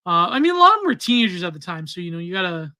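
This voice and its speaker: A man's voice: sits high, very animated, racing, pushed and bright. A man co-hosting a podcast in casual chat, rambling with many fillers and trailing off. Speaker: podcast co-host.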